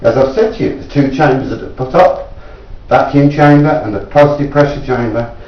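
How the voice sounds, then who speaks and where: An English man, a self-taught inventor, earnestly explains his device at home and keeps daring viewers to prove it wrong, his pitch rising as he pleads. He speaks at a moderate pace. The recording is dull and lo-fi, with a distant mic in an echoey room.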